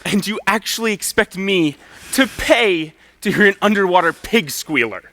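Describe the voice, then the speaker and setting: A teenage student actor in a live school stage play portrays an exasperated proper gentleman reacting with huffy incredulity. His voice is high, bright and swooping, with lively intonation at normal speed. Though performed on a school stage, the lines sound dry, close and echo-free.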